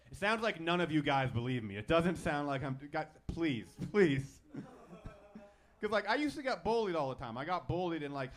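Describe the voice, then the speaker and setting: A man in his twenties with a lisp and a stutter, doing a crude, self-deprecating stand-up comedy set on a club stage. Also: medium pitch. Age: 20s. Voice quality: speech impediment with a lisp and stutter.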